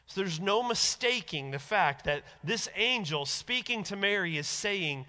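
Male pastor, high bright voice, lively sermon delivery that acts out quoted voices, long hall reverb. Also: a little slow.

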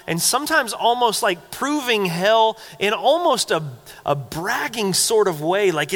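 A man preaching a sermon in a church sanctuary, sounding conversational and earnest as he tells a personal story. His voice sits a little high for a man, and a long hall reverb trails each phrase. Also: a bit bright. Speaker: pastor.

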